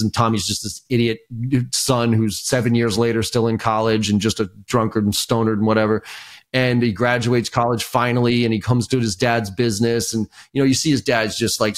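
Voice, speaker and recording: Man retelling a story with energy. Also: on the low side. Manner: animated storyteller, many fillers and restarts. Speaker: sales trainer and guest. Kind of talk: casual podcast interview.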